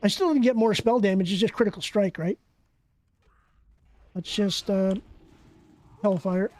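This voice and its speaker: A streamer giving excitable, profane live commentary while playing a game and bantering with viewers. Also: medium pitch, unhurried. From Canada.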